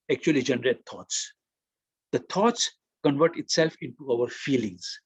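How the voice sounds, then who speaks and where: Man, webinar presenter, fairly high voice, husky, dry close mic, animated storytelling. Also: dry recording. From India. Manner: storytelling with acted-out quotes, lively emphasis. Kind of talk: motivational webinar talk.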